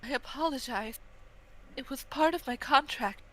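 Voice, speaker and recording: A woman voicing a calm, composed blind female singer testifying as a witness, reading game dialogue in a soft, measured way. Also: high voice, heavy background noise, lightly acted. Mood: solemn.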